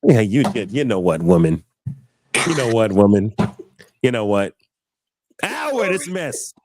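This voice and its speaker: A young man hosting a podcast, telling an animated story and acting out the voices in it. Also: fairly low pitch, a little slow, a little hiss or hum. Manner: acts out voices in his stories, preachy exclamations. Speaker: podcast host.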